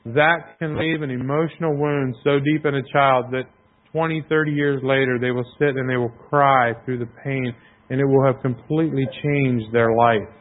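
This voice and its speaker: A man preaching a sermon in a conversational, self-deprecating way, often clearing his throat. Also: mid-range voice, fairly even intonation, moderate pace. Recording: tinny phone-like sound.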